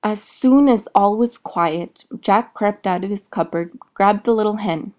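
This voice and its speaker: A woman reads a fairy tale aloud in a clear, expressive way. Her voice sits at a mid-range pitch. She paces the story like a storybook reading. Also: a little slow.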